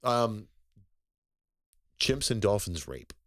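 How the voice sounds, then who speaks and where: Man, podcast co-host, very deep voice, loose rambling profane delivery, frequent laughs. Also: very animated, slow. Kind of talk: casual chat.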